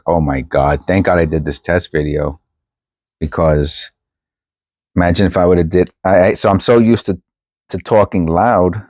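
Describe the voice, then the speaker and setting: A man's voice: low-pitched, darkish tone, dry recording. A man chatting casually as he sorts coins at home on a new microphone, rambling and thinking aloud with many restarts. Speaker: coin collecting vlogger. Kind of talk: casual chat while sorting coins. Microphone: new desk microphone.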